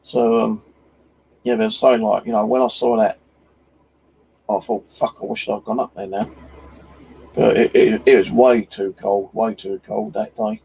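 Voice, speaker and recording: Gravelly, sweary British man rambling. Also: fairly low pitch, little pitch movement, a little slow, long pauses, warm tone, slight background noise, low-quality recording. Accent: British English. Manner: rambling, sweary, lots of fillers. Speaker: channel host. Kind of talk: casual storytelling to a live stream.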